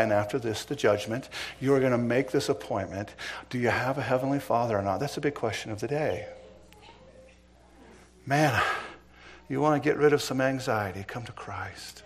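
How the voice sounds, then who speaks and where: Middle-aged male preacher, former cop, dramatic storyteller with loud-to-hushed delivery. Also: mid-range voice. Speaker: preacher, former police officer. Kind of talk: sermon with personal story.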